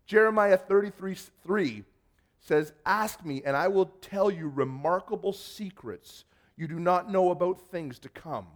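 A male pastor preaching a sermon and telling personal stories, animated and swinging between loud bursts and hushed asides. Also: high-pitched, normal speed.

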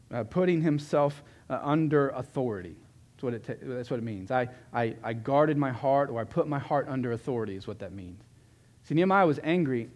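A man preaching a sermon as a pastor, earnest, often swelling louder and then dropping low for emphasis. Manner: earnest, rises and drops in loudness for emphasis.

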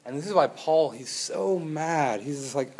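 Animated young man preaching a sermon. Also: on the high side, normal speed, a little hiss or hum. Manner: conversational and animated, with rhetorical questions and acted-out quotes. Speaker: pastor.

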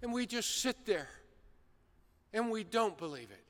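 A man preaching a sermon, telling an animated story with acted-out shouts. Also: high-pitched, measured pace. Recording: long hall reverb.

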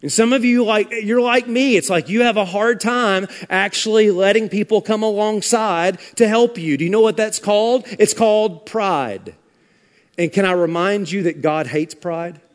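A man preaching a sermon as pastor, emphatic and sarcastic, swinging from loud punches to hushed lines. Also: sits high, normal speed. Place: large church sanctuary. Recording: long hall reverb.

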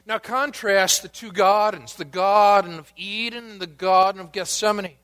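A man preaching a sermon, asking the congregation questions and dropping to a hushed voice at times. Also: high-pitched, fairly even intonation, moderate pace, clear, resonant tone, soft background music. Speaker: pastor.

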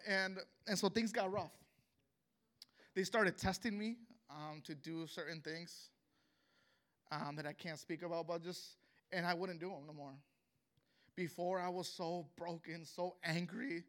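A man with a high, bright voice tells his personal testimony with raw earnestness. He speaks haltingly, stumbling over and repeating words as he works through it. His delivery is emotional and heartfelt throughout. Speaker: pastor.

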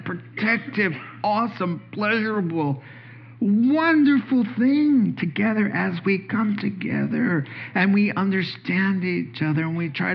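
A middle-aged man preaching a sermon, a joking storyteller whose voice jumps high as he gets animated. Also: dull audio. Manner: animated, joking storyteller who rises sharply in pitch. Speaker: pastor.

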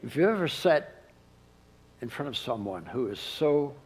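A man preaching a sermon, who drops to a soft hush when he quotes. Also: mid-range voice, very animated, a little slow, slightly rough, rough recording. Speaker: pastor.

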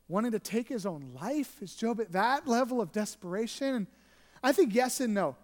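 A pastor preaching an earnest sermon, shifting between emphatic and hushed delivery. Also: mid-range voice, big-room sound.

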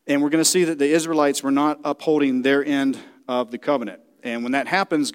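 A man preaching a sermon in a church, speaking directly to the congregation and often checking that they follow. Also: medium pitch.

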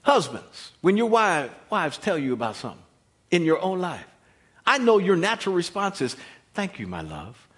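A man preaching a sermon, swinging from loud exhortation to hushed near-whispers and repeating words as he builds a point. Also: high-pitched, expressive, moderate pace. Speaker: pastor.

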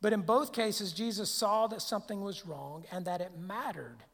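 A pastor with a high, gravelly voice preaches a sermon at a moderate pace. He's conversational, posing rhetorical questions and often restarting his sentences. A long hall reverb surrounds the recording.

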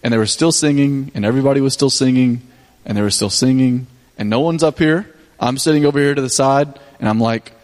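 A pastor with a medium-pitched, brisk, slightly mellow voice casually tells his congregation about a mission trip, with many restarts and fillers. The recording carries a long hall reverb.

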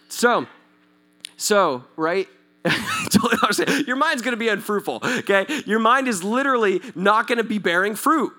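A male pastor preaching in a casual, joking way, laughing often, restarting words, and talking straight to his audience. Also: high voice. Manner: repeats and restarts words when excited. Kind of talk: conversational sermon.

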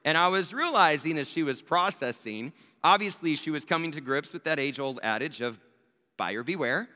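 A pastor preaches in a relaxed, storytelling way, often checking in with his listeners with a quick "right?". His voice is a man's, slightly high and bright and forceful. It carries with the long reverb of a large hall. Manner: conversational, addresses listeners directly with rhetorical "right?". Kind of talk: storytelling sermon.

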